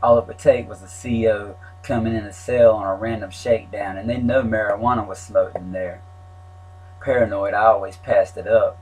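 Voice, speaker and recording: A man's voice: on the low side, steady tone, moderate pace, darkish tone, faint music behind, poor audio. A man reading his own story aloud in a plain, wry telling. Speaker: memoir narrator.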